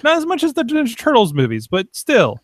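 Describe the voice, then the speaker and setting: Man, podcast host, high pitch, animated, stammering restarts, dry sound. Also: fairly quick, dry recording. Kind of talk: casual chat.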